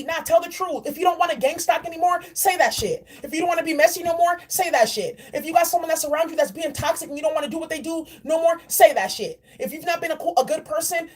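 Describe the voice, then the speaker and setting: A woman's voice: very high-pitched, fast talker, hardly any pauses. A woman giving a spiritual oracle card reading in a blunt, preachy and profane way. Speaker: spiritual reader.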